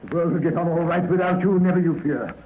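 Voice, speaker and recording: An actor playing a stiff, formal old gentleman who lectures the young and stammers as he restarts, in 1930s radio drama style. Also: fairly high pitch, quick pace, narrow, tinny audio, close to an everyday voice. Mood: indignant. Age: older. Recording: scratchy, echoey 1930s radio broadcast.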